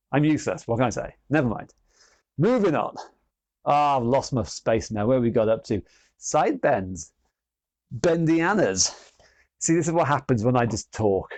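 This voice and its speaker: A man's voice: medium pitch, a little mellow, no echo. Man, fitness instructor, self-mocking banter, exercising while talking, dry sound. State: exercising as he talks. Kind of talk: live online exercise class.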